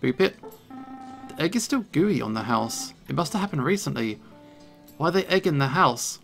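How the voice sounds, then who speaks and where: Man, let's play host, playful, jokey, gravelly voice, faint game music. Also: mid-range voice, sing-song, normal speed. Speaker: gaming channel host. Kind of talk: let's play commentary and reading dialogue.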